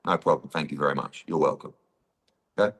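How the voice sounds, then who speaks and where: Speaking fairly quickly in an extremely low voice, a middle-aged boxing promoter tells a story during an interview. He's animated, acts out the quoted dialogue, and throws in "blah, blah, blah."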